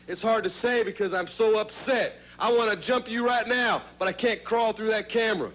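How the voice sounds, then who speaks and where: A man's voice: high voice, moderate pace, hardly any pauses, a bit bright, lo-fi sound. A man cutting a boastful, taunting wrestling promo on old TV audio.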